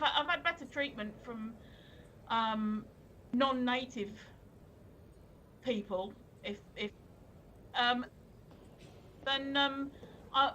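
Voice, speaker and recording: Bright high-voiced chatty woman. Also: poor audio. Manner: chatty, rambling with fillers and restarts. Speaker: co-host of a live stream show. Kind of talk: casual live-stream chat. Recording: faint background noise.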